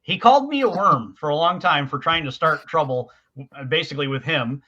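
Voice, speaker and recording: A man with a fairly high, bright voice chats casually as a podcast co-host. He rambles and hesitates, restarting his sentences. The recording sounds dull and lo-fi. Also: animated, brisk. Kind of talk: casual chat.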